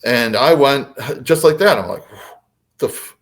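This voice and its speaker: A man's voice: mid-range voice, expressive, normal speed. A man who is a podcast guest, telling a story casually and hesitantly, with many fillers.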